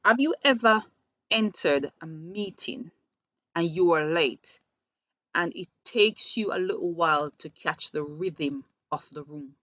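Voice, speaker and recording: A woman who works with schoolchildren offers earnest parenting advice in a fairly low, fairly bright voice at a measured pace. She often repeats words as she restarts her thoughts, and the recording is dull, dry, and lo-fi.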